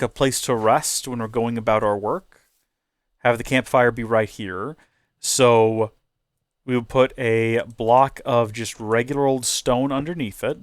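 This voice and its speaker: A man's voice: medium pitch, creaky, no echo, studio quality. A young man hosting a video game playthrough, chatting in a rambling, playful way. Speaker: host.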